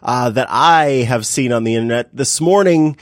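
A man hosts a casual tech chat in a playful, easygoing way. His voice sits at a middle pitch. The sound is dry and close, with no room echo. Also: normal speed. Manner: playful, introduces guests and poses questions. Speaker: podcast host. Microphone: remote podcast microphone.

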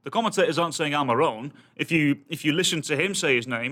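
Man, podcast co-host, soccer commentator, casual chat, animated, laughs a lot. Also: on the high side, fast. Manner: animated, laughs often, fired up about pronunciation.

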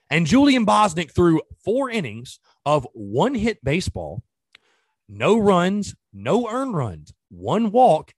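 A man's voice: high-pitched, breathy edge, dry recording, studio quality. A man hosting a sports podcast, ranting in an exasperated way and firing off rhetorical questions in casual commentary.

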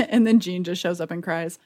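A woman's voice: on the low side, normal speed, a little mellow. A young woman chatting casually about a cartoon, giving wry commentary and laughing. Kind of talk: casual chat recapping a cartoon.

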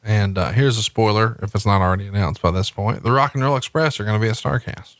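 A man casually telling a joke as an anecdote, with a relaxed, dry delivery. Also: on the low side, quick pace, dry recording. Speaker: storyteller.

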